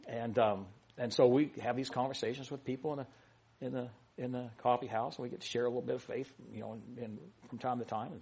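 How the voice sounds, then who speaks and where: A man with a husky, slightly rough voice delivers a loose, conversational sermon. He wanders through asides and teasing jokes, stopping and restarting his sentences as he goes. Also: medium pitch, steady tone, fairly quick, darkish tone. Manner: rambling, joking and self-correcting, with many restarts and fillers. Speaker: pastor. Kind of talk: informal sermon.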